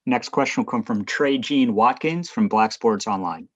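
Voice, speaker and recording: A male moderator briskly announcing each reporter in turn at a press conference. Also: mid-range voice. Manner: brisk, formal. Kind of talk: announcing the next questioner. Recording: dull lo-fi stream audio.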